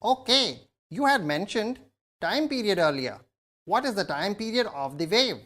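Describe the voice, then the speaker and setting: Woman asking curious questions in a scripted science lesson, mid pitch. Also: very animated, moderate pace, a bit bright. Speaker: student. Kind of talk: scripted educational dialogue.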